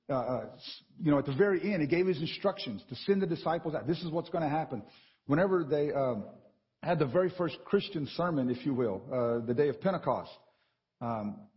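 A man preaching a sermon in a church, animated and conversational, often checking in with the congregation. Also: mid-range voice, in a large hall, dull audio. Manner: animated and conversational, with frequent "right?" asides.

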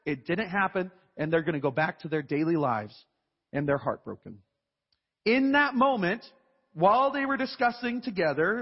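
A high-voiced man delivering a sermon in a large church, and his voice trails off into a long reverberant tail. His tone is husky. He preaches in a lively, conversational way and acts out short asides. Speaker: pastor. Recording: dull, reverberant church recording.

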